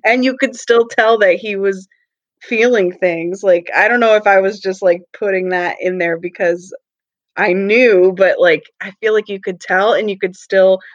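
A woman's voice: mid-range voice, steady tone, moderate pace, no room sound. Enthusiastic woman chatting, dull sound. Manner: enthusiastic, laughs a lot, uses many "like"s. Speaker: podcast co-host. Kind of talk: casual chat.

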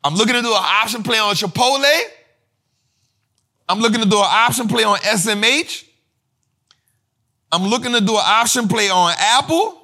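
Man, investing host, high-pitched, very bright forceful tone, slangy, repeats himself. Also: normal speed, pauses often. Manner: slangy, repetitive, animated explaining. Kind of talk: casual finance teaching.

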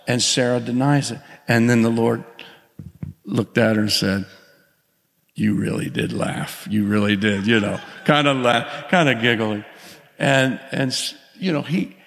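A man's voice: medium pitch, normal speed, vocal fry. Preaching man in an echoing church hall. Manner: animated preaching with call-outs to the congregation. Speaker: pastor. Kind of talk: sermon. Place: church sanctuary. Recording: long hall reverb.

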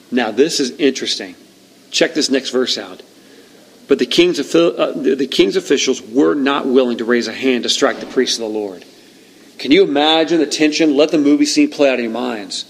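Man, preacher, animated storytelling, sermon, reads scripture aloud. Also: medium pitch, poor audio. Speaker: pastor.

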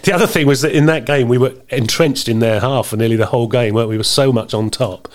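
A man's voice: mid-range voice, fast. A man in his fifties hosting a football podcast, chatty and teasing, often chuckling while reading listener messages. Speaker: podcast host.

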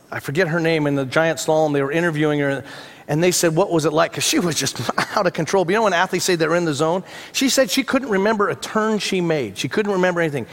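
A pastor preaching a conversational sermon, telling stories with humorous asides. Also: male voice, fairly high pitch, fairly bright tone. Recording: long hall reverb.

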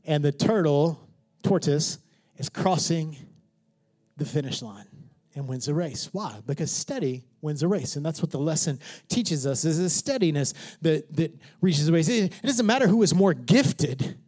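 A man preaching a sermon in church, joking with the congregation and swinging from hushed whispers to shouts. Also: fairly high pitch, animated, moderate pace. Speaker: pastor.

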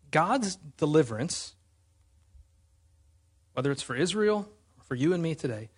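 Pastor, male, fairly high husky voice, earnest emphatic sermon delivery. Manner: earnest, emphatic preaching with rhetorical questions.

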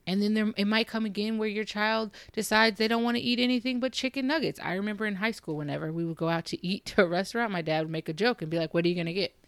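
A woman's voice: mid-range voice, quick pace, few pauses, clean tone, no room sound. A young woman giving casual, encouraging parenting advice straight to other moms, direct and reassuring. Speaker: parenting vlogger. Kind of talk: casual advice talk to camera.

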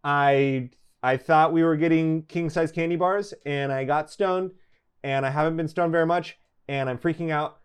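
Excitable man playing a tabletop game. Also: on the high side, clear, resonant tone. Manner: excitable, talks fast when panicking. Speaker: player. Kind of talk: tabletop role-play.

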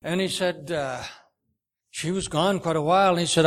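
A man preaching a sermon, telling stories in a slow, earnest way with frequent restarts. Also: a little high.

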